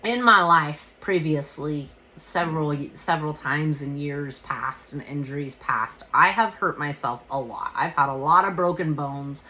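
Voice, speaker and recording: A woman host recounts a story in loose, casual talk, her voice pitched low but bright and cutting. She curses freely and acts out her own lines along the way. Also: measured pace, few pauses. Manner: profane, animated retelling with quoted exclamations. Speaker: podcast host.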